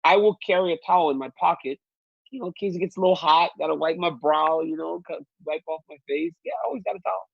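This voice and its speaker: A man, a guest telling animated stories in casual chat and laughing often. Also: on the high side, quick pace, creaky, husky, no room sound. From Louisiana. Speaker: guest analyst. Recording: dull, lo-fi remote feed.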